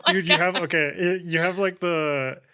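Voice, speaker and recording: A man's voice: high voice, moderate pace, pushed and bright, a little hiss or hum. A man co-hosting a podcast interview, enthusiastic and loose, with lots of casual fillers. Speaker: podcast co-host.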